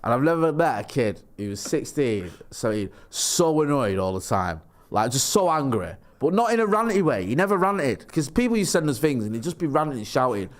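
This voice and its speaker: A man's voice: mid-range voice, sing-song, fairly quick, hardly any pauses. A man co-hosting a podcast, chatting casually and often restarting his sentences in a self-deprecating way. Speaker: podcast co-host. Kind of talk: casual chat.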